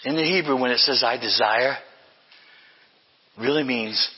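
A man's voice: medium pitch, a little slow, long pauses, slightly rough, long reverb tail, dull audio. A man preaching a sermon as pastor, passionate and emphatic, often repeating his phrases.

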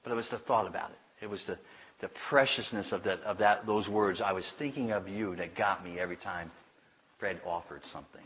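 A man preaching to a congregation, telling a personal story in a chatty, self-amused way and dropping to a hush for the tender lines. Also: deep voice, steady tone, fairly quick. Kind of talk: sermon storytelling. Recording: dull lo-fi sound.

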